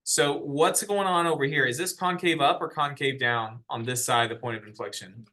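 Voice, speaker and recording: Bright-voiced man teaching math. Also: mid-range voice, moderate pace. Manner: explaining step by step, asking the class questions. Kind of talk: classroom lecture. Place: classroom.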